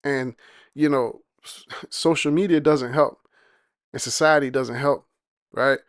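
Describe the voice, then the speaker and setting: A man's voice: medium pitch, steady tone, unhurried, smooth, dry recording, studio quality. A man giving reaction commentary on a clip, talking in a scornful, mocking way.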